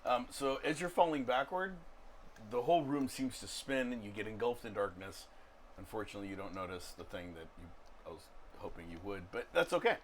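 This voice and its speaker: A man narrating and ruling as game master of a tabletop role-playing session, in a loose, unhurried way with frequent fillers. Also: on the low side, lively intonation, slight background noise.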